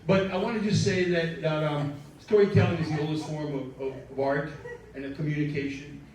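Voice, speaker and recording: A man's voice: fairly high pitch, fairly even intonation, a little fast. A man telling a profane, rambling story on stage, joking with the crowd at a live storytelling event. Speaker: storyteller and show producer. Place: live event room with an audience. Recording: echoey room, mic at a distance.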